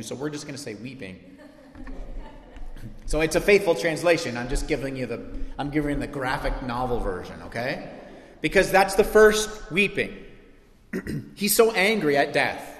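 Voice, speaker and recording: A man preaching a lively, conversational sermon in a church sanctuary, his fairly high voice rising with emphasis. He breaks off into asides and restarts. The sound is roomy, with a long hall reverb trailing every phrase. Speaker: pastor.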